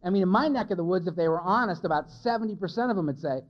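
A man's voice: high-pitched, animated, very fast, slight background noise. A man giving a candid, self-mocking personal testimony as a speaker at a recovery meeting. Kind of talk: personal testimony to a live audience. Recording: lo-fi, dull recording.

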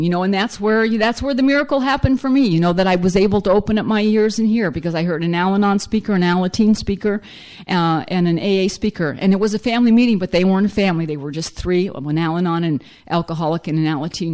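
A woman's voice: lowish voice, darkish tone. A middle-aged woman speaks to a recovery group about her own story. She is blunt and self-mocking. She talks in loose, run-on sentences full of "you know". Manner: blunt and humorous, fills speech with "you know". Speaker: speaker sharing at a recovery meeting. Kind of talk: personal recovery share to a group.

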